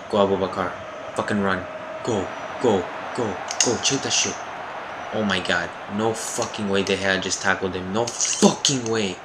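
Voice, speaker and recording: A young man giving loud, profane, excitable live commentary on his own football video game match. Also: deep voice, very noisy. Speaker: gaming YouTuber.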